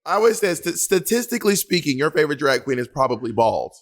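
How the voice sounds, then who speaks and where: A man in his thirties co-hosting a podcast in casual chat, sassy and profane, jumping into high mock voices when quoting people. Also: big pitch swings, fast. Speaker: podcast co-host.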